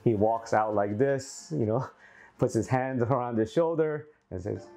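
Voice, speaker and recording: Lively man telling reef-show stories. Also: medium pitch, measured pace, gravelly, soft background music. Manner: animated, acts out quotes, laughs often. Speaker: aquarium hobby YouTuber. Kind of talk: casual storytelling to camera.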